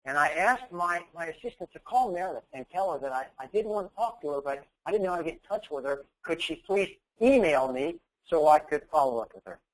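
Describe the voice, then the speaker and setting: A man's voice: on the high side, animated, fairly quick, few pauses, low-quality recording. A man giving a motivational speech, telling a story and acting out its dialogue with emphasis. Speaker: keynote speaker.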